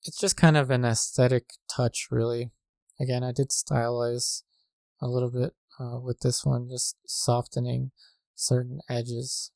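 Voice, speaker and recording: Working through a painting demo, a male instructor speaks in a gravelly, low-key tone, flat and measured, with little pauses and plenty of fillers in his tutorial narration. It's picked up close and dry on a desk microphone, without echo or room sound.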